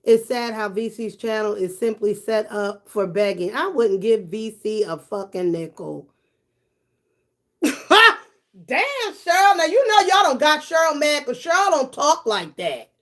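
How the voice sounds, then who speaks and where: A woman's voice: mid-range voice, lively intonation, normal speed. A woman hosting a live stream, reading her chat aloud and gossiping bluntly and profanely, laughing often and talking straight to her viewers. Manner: talks directly to her viewers. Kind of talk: casual live-stream commentary.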